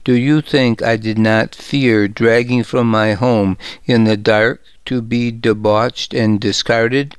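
A man voicing a proud, wronged young royal woman in an audiobook, keeping her lines low and restrained. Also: fairly even intonation, slow pace, hardly any pauses, clean tone, no room sound, lightly acted. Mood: fearful, bitter.

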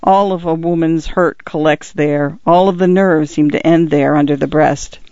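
A man's voice: fairly high pitch, fairly even intonation, normal speed, dark tone, no room sound. Man narrating a literary audiobook. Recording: dull, lo-fi, dry recording.

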